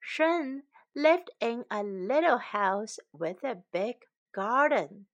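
A woman reading a children's story bilingually, line by line, in a clear and gentle way. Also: fairly high pitch, animated, takes it slowly, highs cut off.

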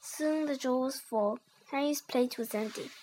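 A child reading a storybook aloud in an earnest, slightly halting way with small slips. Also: high voice, a little mellow. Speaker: reader.

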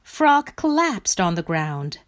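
A woman reading a children's picture book aloud in a slow, clear and expressive way. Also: fairly low pitch. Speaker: storybook reader.

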